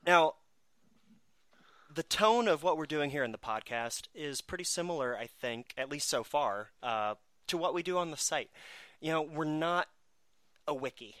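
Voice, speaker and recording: A man's voice: fairly high pitch, animated, moderate pace, a bit bright, no echo. A man hosting a casual podcast chat, snarky and self-mocking as he talks. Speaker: podcast host.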